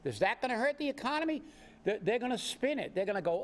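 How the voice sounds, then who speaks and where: A man co-hosting a political commentary show, ranting indignantly with sharp rhetorical questions. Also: extremely high pitch, big pitch swings, fast talker.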